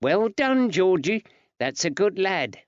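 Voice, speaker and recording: A man voicing a fond, fretful wife in old England who talks in a warm, earnest, chatty way. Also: high-pitched, very animated, slow pace, no room sound, pitched above the performer's own voice, heavily acted. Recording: dry, slightly dull recording.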